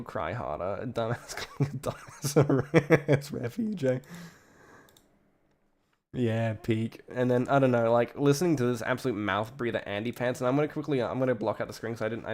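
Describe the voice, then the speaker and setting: With a mid-range voice and darkish tone, an Australian man gives casual live-stream commentary from his home setup. His talk wanders, is full of profanity, and he interrupts himself often.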